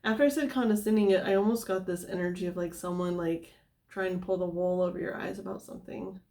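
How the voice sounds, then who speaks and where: A tarot reader talks through a reading in a loose, rambling monologue full of "like" and "um," drifting off on tangents before returning to the cards. Her voice is a little low, steady, fast and dark in tone, and she sounds somewhat out of breath.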